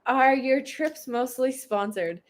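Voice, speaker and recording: A woman co-hosting a travel vlog, chatting casually in a relaxed, matter-of-fact way. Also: high-pitched, slow pace. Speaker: vlog co-host. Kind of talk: casual chat.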